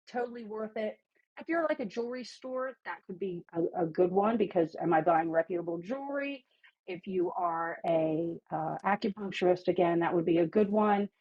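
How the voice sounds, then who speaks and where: A woman with a slight lisp talks in a casual panel chat, opinionated and full of lively asides. Her voice sits a little low with a husky edge. The audio is dull and lo-fi. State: slight lisp from teeth whitening strips. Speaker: podcast guest.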